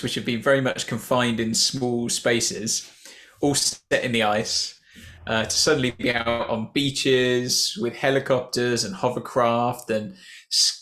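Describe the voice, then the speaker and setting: A man co-hosting a reaction show at a middle pitch. His talk is casual and chatty, and he chuckles often. His sentences loop back and restart as he gathers his thoughts. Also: fairly bright tone.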